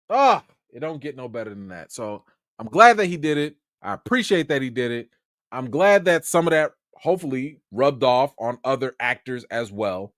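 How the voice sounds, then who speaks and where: Movie news guy on a livestream, really animated pitch, dry close sound, slangy and chatty. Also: normal speed, no echo. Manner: animated, talks back to the listener, slangy. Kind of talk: casual livestream commentary.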